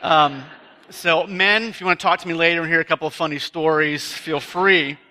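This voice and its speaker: Bright-voiced man preaching at a retreat. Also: fairly high pitch, steady tone, moderate pace. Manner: self-deprecating, chatty storyteller. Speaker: retreat speaker. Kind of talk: sermon with a humorous personal story. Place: live talk before an audience.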